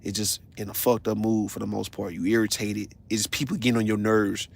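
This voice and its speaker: Gravelly man ranting bluntly. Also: fairly low pitch, fairly quick, no room sound. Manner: profane, animated storytelling; blunt, confrontational. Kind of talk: casual livestream rant.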